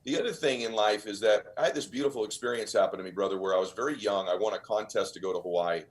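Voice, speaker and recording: A man's voice: lowish voice, fast talker. A man as a podcast guest, telling motivational stories in an earnest, emphatic, almost preacher-like way. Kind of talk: motivational storytelling.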